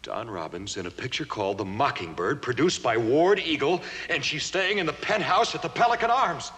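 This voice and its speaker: A man's voice: mid-range voice, lively intonation, normal speed, a bit bright, long reverb tail, lightly acted. An actor playing Batman, an earnest adult crime-fighter working through clues. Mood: solemn deduction. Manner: earnest, solemn deduction.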